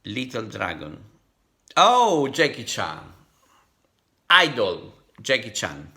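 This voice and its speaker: Italian man, vlogger, bright tense voice, halting self-practice. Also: mid-range voice, wildly swooping pitch. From Italy. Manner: halting, repeats syllables to drill tones. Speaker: language-learning vlogger. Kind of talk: thinking aloud while practicing.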